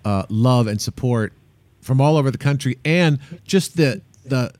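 Radio host guy, easygoing chatty voice, mid pitch, dry studio. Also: unhurried, no echo. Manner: relaxed, chatty, some fillers. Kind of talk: casual radio chat.

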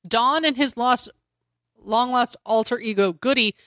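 Woman podcast cohost, chatty and animated, laughs a lot, dry close mic. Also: fairly high pitch, measured pace, no echo. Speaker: podcast co-host. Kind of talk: casual comedic chat.

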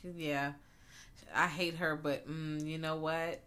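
Woman ranting about a show, bright tense voice, lowish pitch, swears a lot. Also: little pitch movement, slow pace. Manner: blunt, profane, emphatic. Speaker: podcast co-host. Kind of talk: casual chat reviewing a series.

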